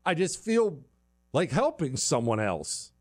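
A man hosting a talk show, delivering an opinionated, sarcastic monologue with loud outbursts and muttered asides. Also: fairly high pitch, sing-song, slow.

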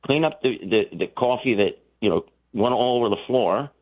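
A man calling in to a radio show, telling a story in a rambling, animated way with many restarts. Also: medium pitch, normal speed. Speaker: caller. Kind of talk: call-in storytelling. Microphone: telephone. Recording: tinny phone line.

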